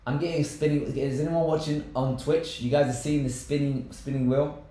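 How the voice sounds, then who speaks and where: A man co-hosting a live tech stream, chatting casually and wryly as he tries out software. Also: fairly high pitch, fairly even intonation, normal speed. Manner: chatty, wry commentary on software trials. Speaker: tech show co-host. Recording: very echoey room.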